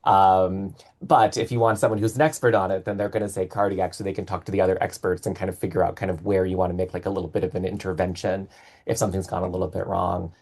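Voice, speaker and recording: A man's voice: sits low, flat delivery, quick pace, gravelly, darkish tone. A man on a podcast, explaining things in a casual, lecturing way with many fillers. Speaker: podcast co-host.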